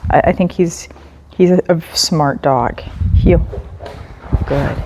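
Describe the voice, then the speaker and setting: Calm, slow-talking woman dog trainer. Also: sits low, background noise. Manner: calm, patient commands mixed with soft praise. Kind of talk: narrating a dog training session.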